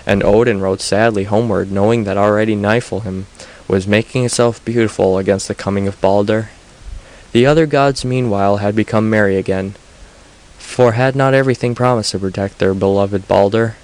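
A man reads old myths aloud in an audiobook, his voice sitting low. His telling is steady and even-paced. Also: normal speed, rough recording. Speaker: narrator.

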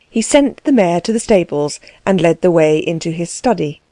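Woman narrating a novel, warm dark tone. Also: lowish voice, animated, moderate pace, no room sound. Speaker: audiobook narrator. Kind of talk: scripted narration.

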